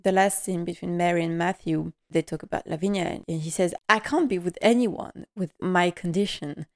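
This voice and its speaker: Emotional woman recapping a drama. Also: on the low side. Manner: emotional, quick, heartfelt. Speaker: podcast host. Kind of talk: casual episode recap.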